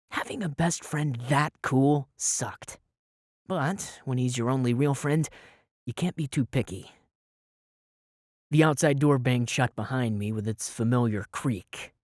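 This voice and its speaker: A man's voice: mid-range voice, a little slow, no echo. Wry male audiobook narrator, dry close sound. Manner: wry, sarcastic storytelling. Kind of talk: first-person audiobook narration.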